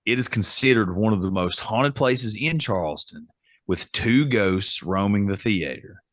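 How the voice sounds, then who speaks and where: Low-voiced man co-hosting a podcast. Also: lively intonation, measured pace, dry recording, studio quality. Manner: reads facts aloud, chatty and amused. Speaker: podcast co-host. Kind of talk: casual chat.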